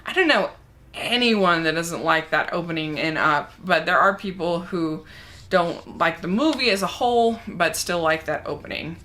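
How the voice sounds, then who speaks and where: Bright-voiced chatty young woman. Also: on the low side, animated, moderate pace. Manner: chatty and enthusiastic. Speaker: movie reviewer. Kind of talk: casual chat answering a movie tag.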